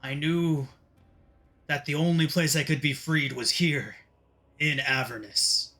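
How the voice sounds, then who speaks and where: A man voicing an arrogant, scheming male fiend in a tabletop game, shouting and then bargaining smoothly. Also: on the high side, slow.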